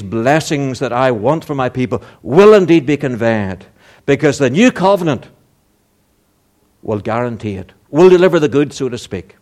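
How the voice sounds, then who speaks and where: A man preaching a sermon, earnest and emphatic, asking rhetorical questions and building to louder, higher emphasis. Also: lively intonation, normal speed.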